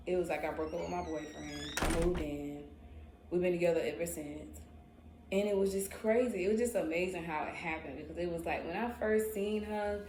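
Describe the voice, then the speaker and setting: A young adult woman telling a story casually in a vlog, animated and slangy. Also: lowish voice, slight background noise. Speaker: vlogger. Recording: roomy echo, faint ambience.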